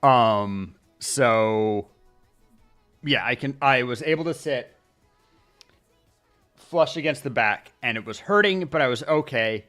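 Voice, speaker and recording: A man in casual livestream chat, his voice smooth and resonant at a mid pitch. He rambles along and stops to restart his sentences. Faint music plays behind him. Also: animated, a bit bright. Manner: rambling, chatty, many pauses and restarts. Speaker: streamer. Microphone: desk mic at streaming setup.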